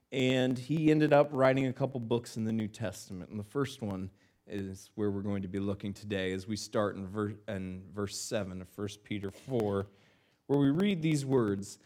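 A male pastor telling a self-deprecating story in a sermon, animated and acting out the lines, speaking in a church. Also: lowish voice.

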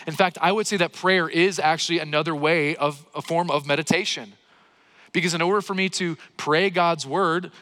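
A man with a fairly high, bright, forceful voice preaches as a pastor, speaking conversationally and asking his congregation rhetorical questions. His words ring out with a long reverb in a large hall. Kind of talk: sermon.

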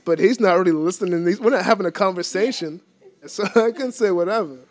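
An older man in his sixties shares everyday anecdotes in a loose, easygoing way. He laughs often as he talks, and his voice sits a little high for a man. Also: quick pace. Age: 60s. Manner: laughs often while telling anecdotes, relaxed drawl. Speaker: guest telling stories. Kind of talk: casual storytelling chat. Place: lives in a Boston neighborhood.

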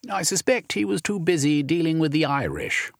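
A man voicing a brusque, easily frustrated Victorian gentleman who questions in a clipped, proper way. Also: on the high side, wildly swooping pitch, moderate pace, vocal fry, dry recording, clean studio sound, pitched above the performer's own voice, full character voice.

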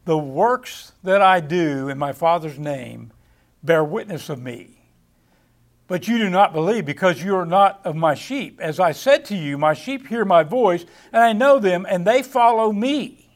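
High-voiced man teaching from scripture. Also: lively intonation. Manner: halting, repeats words, reads scripture aloud. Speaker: preacher. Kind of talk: Bible study sermon.

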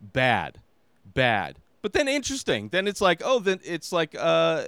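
A man's voice: a little high, a bit bright, clean tone, no room sound. A man hosting his own podcast, giving a casual movie review in a rambling, exasperated way with lots of filler words. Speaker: podcast host.

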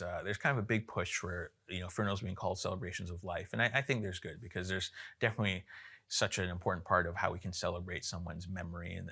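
Easygoing preacher man, lowish voice. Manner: relaxed, informal, many fillers and restarts. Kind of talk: casual conversational sermon.

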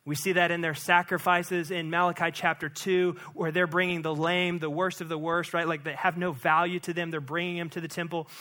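A man's voice: a little high, little pitch movement, fairly quick, few pauses, sharp tone. A male pastor preaching a sermon in a conversational way, often checking in with his listeners. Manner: conversational preaching, frequent "right?" asides.

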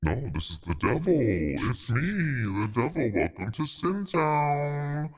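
A man voicing the devil as a playful, drawn-out theatrical greeting, heard from off the mic. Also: medium pitch, very animated, recorded from a distance. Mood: mock sinister. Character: the devil, a male host of a sinful town.

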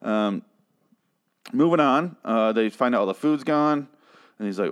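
A man's voice: mid-range voice, animated, a little slow, clean tone. A man recapping and ranting about a TV episode in a sarcastic, profane, exasperated way. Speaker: TV episode reviewer. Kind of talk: casual recap and rant.

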